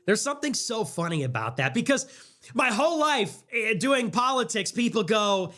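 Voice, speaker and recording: A man in his twenties, a livestreamer, ranting fast and animated in casual stream talk, with laughing asides. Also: high-pitched. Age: 20s.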